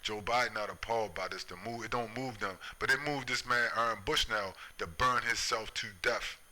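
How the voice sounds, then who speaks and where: A man's voice: on the low side, moderate pace, pushed and bright, low-quality recording. A man giving an impassioned religious commentary monologue in a preachy way, often asking "right?" and building to an angry, raised voice.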